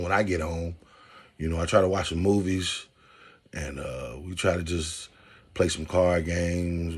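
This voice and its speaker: A man in his thirties hosting a casual podcast monologue, animated and preacherly, talking straight to his listeners. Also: low-pitched, breathy edge. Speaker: podcast host.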